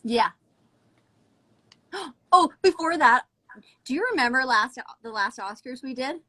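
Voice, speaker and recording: A woman stylist hosting a live stream over her phone, chatting in an excitable, gushing way. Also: high-pitched, unhurried. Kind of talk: casual chat.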